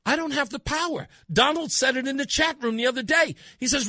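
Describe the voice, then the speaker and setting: A man hosting a talk radio show, delivering an animated, mocking opinion monologue. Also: very high voice, fairly quick, few pauses, dry recording, studio quality. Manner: animated, mocking, acts out voices.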